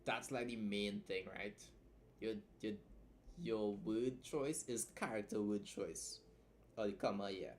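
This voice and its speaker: A man's voice: on the low side, a little slow, a little hiss or hum. A tired young man streaming a casual writing tutorial, chatty and loose, often tagging his points with "right?". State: tired from staying up long. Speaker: writing streamer teaching editing.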